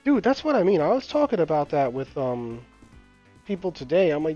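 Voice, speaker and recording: A man's voice: mid-range voice, very animated, brisk, warm tone. Young man, casual gaming chat, rambling storyteller, laughs a lot, dull lo-fi audio. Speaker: gamer and channel host. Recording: dull lo-fi voice chat with game music. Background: game music.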